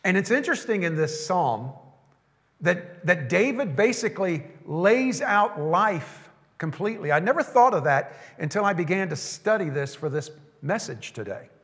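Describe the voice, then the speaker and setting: A pastor preaching a sermon, slowing down to stress the scripture lines he quotes. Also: sits high, sing-song, a bit bright, big-room sound.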